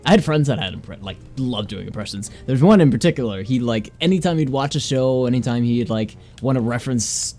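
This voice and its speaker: A young man in his twenties chats through a game stream in a loose, rambling way and breaks into easy laughter. His pitch moves a lot, rising and dipping as he talks, and faint music plays behind him. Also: lively intonation, a little fast, few pauses, a little mellow. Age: young adult. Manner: chatty and rambling, laughs easily. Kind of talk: casual gameplay commentary.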